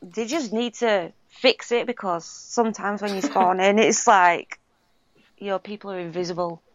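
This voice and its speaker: A woman's voice: mid-range voice, a little slow, muffled recording, background noise. A woman guest on a gaming podcast, speaking hesitantly in short answers. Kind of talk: casual gaming chat.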